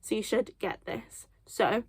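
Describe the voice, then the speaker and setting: A young woman teaching children sign language, counting slowly and encouraging them with light self-deprecating laughs. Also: medium pitch, husky, no room sound. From United Kingdom. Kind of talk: children's lesson, slow counting.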